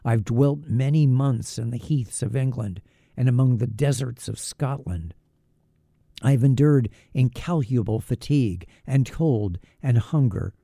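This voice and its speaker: Guy reading as a bitter monster man, gravelly and menacing, dark voice, dry sound. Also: medium pitch, no room sound. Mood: accusing. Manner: menacing, accusing, slow and heavy. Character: wretched, bitter male creature made by a scientist. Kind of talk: audiobook reading.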